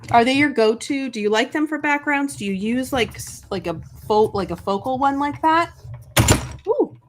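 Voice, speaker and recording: Live craft-show host, woman, bright chatty gusher, coughing through a summer cold, pitched a touch high. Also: lively intonation, moderate pace, noisy background. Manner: gushing, talks to the chat.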